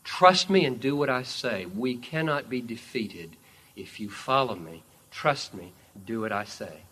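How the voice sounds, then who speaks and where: A man preaching, speaking as Jesus as a calm, commanding sovereign king in an imagined story. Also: medium pitch, measured pace. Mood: reassuring. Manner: solemn, commanding.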